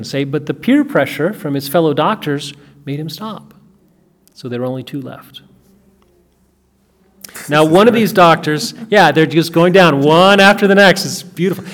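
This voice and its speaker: This is a man with a somewhat high-pitched voice telling a story in a loose, spoken way. He is earnest and emphatic. He often doubles back on his words and restarts his sentences as he goes. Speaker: speaker recounting a family story.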